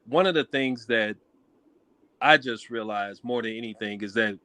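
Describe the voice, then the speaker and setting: A man calling in to a talk show, telling his story in a casual, animated way with rising emphasis. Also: mid-range voice, normal speed, no room sound. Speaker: caller. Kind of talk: casual call-in chat.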